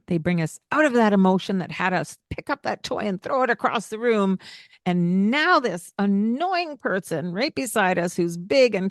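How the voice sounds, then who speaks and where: A woman's voice: medium pitch, dry recording, studio quality. A woman co-hosting a parenting podcast, talking earnestly and explaining things, with light laughs along the way. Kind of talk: casual podcast chat.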